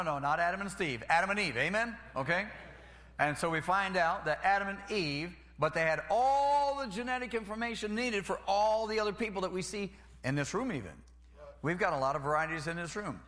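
A man's voice: on the high side, sharp tone. A man preaching a sermon in a folksy way, repeating phrases and calling for amens.

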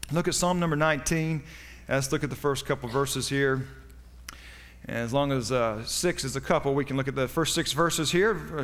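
A man's voice: on the high side, a bit bright, in a large hall. A man preaching a sermon as pastor, with a folksy, joking delivery that rises for punchlines.

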